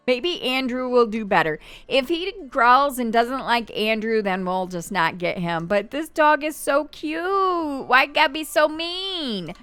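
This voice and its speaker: A woman hosting a let's play, chatty and excitable, with gasping reactions. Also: on the high side, clear, resonant tone, dry recording. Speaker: gaming channel host.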